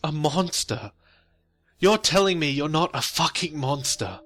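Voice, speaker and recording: A man's voice: a little high, animated, a little slow, fairly bright tone, pitched above the performer's own voice. A man voicing a furious middle-aged daughter who screams and swears.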